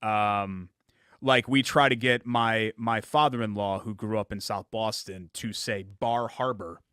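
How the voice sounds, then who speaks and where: A man co-hosting a casual sports talk show, a chatty storyteller given to quick asides. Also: lowish voice, fairly even intonation, fairly bright tone, smooth, no echo, clean studio sound. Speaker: co-host.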